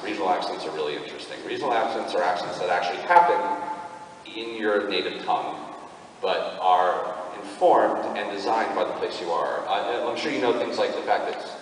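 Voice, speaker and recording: A man's voice: sits low, a little fast. A man speaking as a convention panel guest, rambling through explanations with frequent ums and restarts, recorded by a camera in the audience. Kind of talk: casual panel talk answering a fan. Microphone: fan camera in the audience, far off. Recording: echoey hall from far off.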